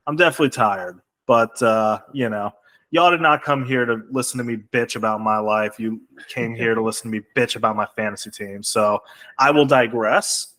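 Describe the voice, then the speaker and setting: A man's voice: mid-range voice, fairly bright tone. A man co-hosting a casual podcast, talking in a laid-back, rambling way with lots of fillers and some cursing. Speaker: podcast co-host.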